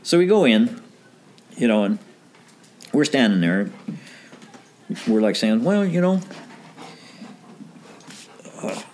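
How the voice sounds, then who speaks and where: Man telling a lively band anecdote. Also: mid-range voice, takes it slowly, pauses often, slight background noise. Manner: animated anecdote with quoted dialogue, laughs often. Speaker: guest telling a story. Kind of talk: casual storytelling.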